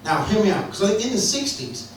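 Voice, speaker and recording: A man's voice: high voice, big pitch swings, quick pace. A man performing a stand-up comedy set in a club, telling crude, sweary jokes with a wry storytelling manner. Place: comedy club room, indoors. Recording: echoey club room, distant mic, noisy.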